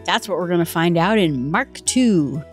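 A woman's voice: fairly low pitch, expressive, moderate pace, faint music behind. A woman giving an informal Bible study, explaining the passage conversationally with casual asides. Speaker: Bible teacher.

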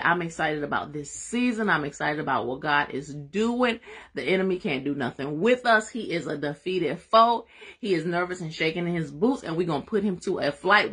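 A woman hosting a live-streamed Bible study, excitable and emphatic in a folksy way, drifting into soft prayer. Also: sits low, normal speed, slightly rough.

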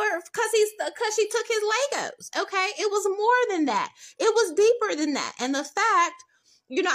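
A woman giving a casual tarot reading, blunt and profane, acting out little scenes as she talks. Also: very high-pitched. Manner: blunt, profane, animated storytelling with acted-out quotes. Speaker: tarot reader.

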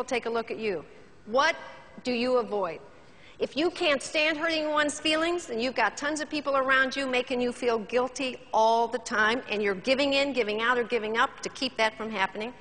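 Woman motivational speaker on stage, theatrical, bright voice, echoey hall. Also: high voice. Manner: animated, theatrical, addresses audience. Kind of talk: motivational keynote speech.

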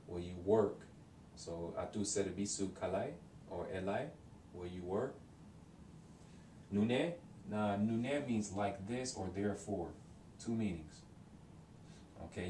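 Low, mellow man in a roomy space. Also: slight background noise. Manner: hesitant, thinking aloud with many ums. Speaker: language learner explaining vocabulary. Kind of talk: casual self-recorded lesson. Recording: roomy, distant mic with faint ambience.

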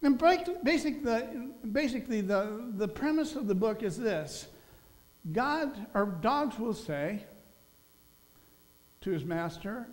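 A man giving a sermon as senior minister, preaching emphatically and dropping soft near the close. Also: very high voice, expressive, slow pace. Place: church sanctuary. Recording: long church hall reverb with mains hum.

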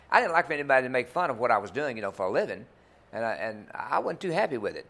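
Very animated and fast, barely pausing, the older country singer and club owner rattles off folksy, rambling anecdotes in a TV interview, his mid-range voice fairly bright.

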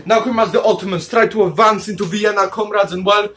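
A man's voice: sits high, steady tone, quick pace, a bit bright, faint music behind. A man hosting a comedic history video as a mock commander, calling his viewers comrades, swearing and joking with bursts of laughter. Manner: calls listeners "comrades" in nearly every line, crude and jokey; breaks into laughter and silly asides. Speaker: history video host in a comic commander persona.

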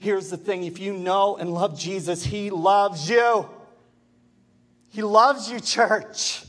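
A male pastor delivers an impassioned sermon, pressing the congregation with rhetorical questions. His voice sits fairly high for a man. He speaks at an unhurried, deliberate pace. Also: steady tone, fairly bright tone. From Canada.

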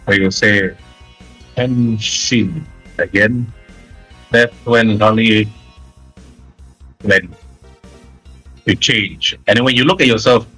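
A man's voice: on the low side, slow, long pauses, pushed and bright, breathy edge, faint music behind. A man narrating as game master, rambling loosely with fillers.

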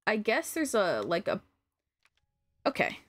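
A woman's voice: mid-range voice, huge pitch swings, takes it slowly. A woman streaming a video game, chatting casually and gushing over cute things.

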